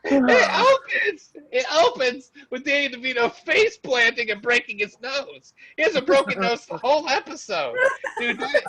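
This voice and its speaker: Excitable, high-voiced man laughing along. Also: moderate pace, dry recording, low-quality recording. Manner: excitable, laughs often, swears casually. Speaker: podcast co-host. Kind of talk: casual chat.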